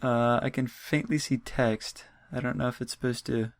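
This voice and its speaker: A man's voice: medium pitch, steady tone, moderate pace, no room sound. A man casually commenting while playing a story game and chatting to his viewers. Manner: chatty, reads game text aloud, talks to viewers. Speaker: let's play gamer.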